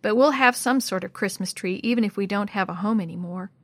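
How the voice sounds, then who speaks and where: A woman's voice: mid-range voice, a little fast, dry recording, lightly acted. Woman doing a sullen discouraged boy. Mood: gloomy. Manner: grumbling, dejected.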